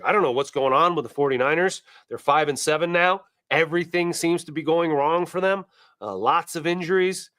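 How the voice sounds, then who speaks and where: Man, sports talk host, wisecracking, slightly high voice, dry close sound. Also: no echo. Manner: animated, wisecracking, talks to viewers. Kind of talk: casual sports commentary.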